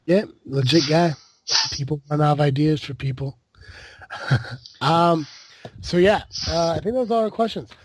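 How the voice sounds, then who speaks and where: A man's voice: on the high side, a little slow, long pauses, slight background noise. A man hosting a podcast in casual chat, loose, profane and jokey. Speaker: podcast host.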